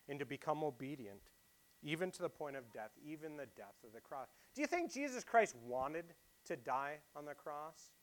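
A man preaching a sermon, asking his listeners questions and swinging between loud emphasis and quiet asides. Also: a little high. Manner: asks the congregation rhetorical questions.

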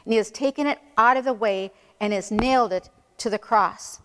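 A woman preaching a sermon in an earnest, emphatic way, slowing down to stress key phrases. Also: fairly high pitch, big-room sound, a little hiss or hum.

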